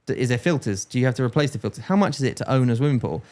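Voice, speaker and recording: A man's voice: mid-range voice, animated, very fast, darkish tone. Brief: British male podcast co-host, chatty and self-correcting, jokey delivery. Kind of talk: casual chat.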